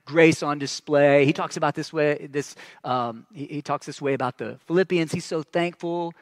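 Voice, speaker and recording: A man preaching a sermon as pastor, earnest and emphatic, with frequent restarts and phrases that trail off soft and low. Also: fairly even intonation, normal speed, dry recording, clean studio sound.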